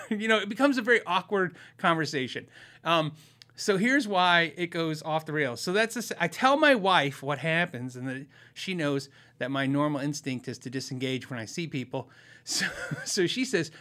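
A man hosts his podcast and talks in a loose, chatty way, laughing at himself as he tells a story. His voice is bright and a little high. He jumps his pitch up when he quotes other people. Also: animated, fairly quick. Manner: chatty, self-deprecating, acts out quoted voices. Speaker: podcast host. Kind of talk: casual storytelling.

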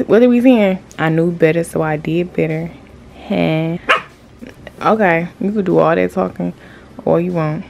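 A woman's voice: fairly low pitch, a little mellow. A woman in her twenties chatting casually to her phone camera from a car, blunt, profane and playfully trash-talking. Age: 20s. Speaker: vlogger. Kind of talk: casual vlog chat. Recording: clear car and road noise.

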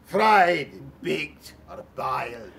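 A woman voicing a big hungry male monster with a gruff Scots accent, talking slowly and menacingly in a picture-book read-aloud. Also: expressive, fairly bright tone, a little hiss or hum, heavily acted. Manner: slow, low, menacing drawl. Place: festival stage.

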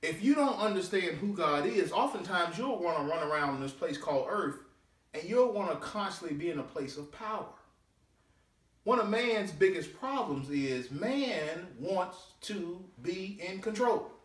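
A man, a deacon, preaching a sermon with drawn-out scripture readings and swooping pitch. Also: lively intonation. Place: church sanctuary. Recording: echoey church room, mic at a distance.

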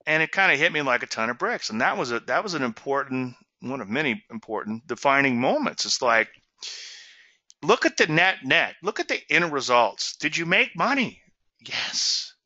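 A man's voice: fairly high pitch, very animated, normal speed, sharp tone, no echo, dull audio. A man hosting a trading webinar, teaching in an emphatic, folksy way and often asking "okay?" and "so what?". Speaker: trading show host.

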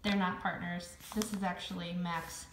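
A woman's voice: lowish voice, little pitch movement, normal speed, background noise. A woman reading a chapter book aloud to children as their teacher, chatty and asking them questions. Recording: roomy echo.

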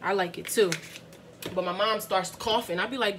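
Her voice mid-range, brisk, pushed and bright, a young family vlogger from the Bronx, New York, chats with viewers as she makes dinner at home, frequently laughing. Slight background noise can be heard.

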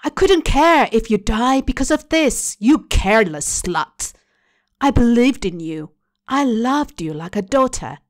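A woman's voice: fairly high pitch, takes it slowly, creaky, a little mellow, no room sound. A woman reading aloud, voicing an intense middle-aged mother in a spoken story. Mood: raging. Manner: raging then tearful, intense.

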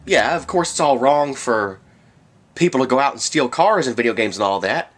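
A man's voice: mid-range voice, lively intonation, normal speed. A man delivering a rambling, sarcastic rant to camera, with sudden outbursts. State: has the hiccups. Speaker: vlogger. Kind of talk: ranting monologue.

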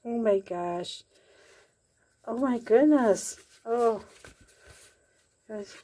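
A woman crafting vlogger chatting casually as she opens happy mail, gushing with soft excited exclamations. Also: a little high, drawn-out words. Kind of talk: casual unboxing chat.

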